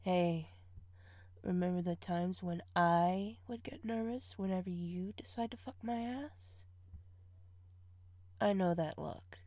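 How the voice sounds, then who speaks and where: A woman's voice: on the low side, a little mellow, no room sound, clean studio sound. A woman playing a teasing, bossy partner. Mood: soothing. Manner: teasing, laughing often, scolding. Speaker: audio role-play performer. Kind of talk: intimate audio role-play.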